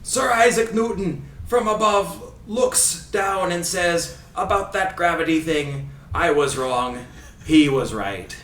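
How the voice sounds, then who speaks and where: A frenzied, over-the-top soccer commentator, as a man puts him on, pitched high and bursting loud with flowery exclamations. The sound is roomy, picked up from a distance, with a faint hiss behind. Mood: frenzied, gushing. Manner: wild, rapid-fire flowery exclamations. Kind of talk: impression of a commentator in a podcast chat.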